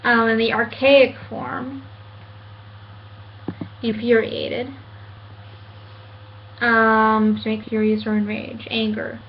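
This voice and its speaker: A woman in her late twenties rants to camera from home about being misunderstood, earnest and halting, with many fillers and restarts. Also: fairly high pitch, flat delivery, muffled recording, a little hiss or hum. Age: 20s. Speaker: vlogger. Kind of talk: casual rant to camera.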